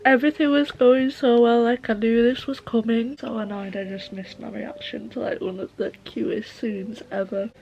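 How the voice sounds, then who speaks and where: Gushing young woman with a gravelly edge. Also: a little high, normal speed, hardly any pauses, dull audio. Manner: gushing, excitable, heavy use of "like". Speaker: book vlogger. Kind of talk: casual reading vlog chat.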